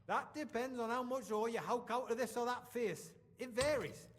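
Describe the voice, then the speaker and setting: An actor playing a gruff, suspicious medieval miner in a video game, speaking in thick old mining dialect. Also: male voice, extremely high pitch, moderate pace, long reverb tail. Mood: matter-of-fact.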